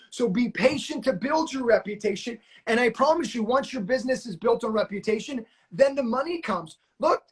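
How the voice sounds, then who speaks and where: A man hosting a live-stream coaching session, talking in an energetic, motivational, hype-man way. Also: very high-pitched. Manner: pumped-up, hype-man, shouts "let's go". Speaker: notary training coach and live-stream host. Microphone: phone or webcam on a video live stream.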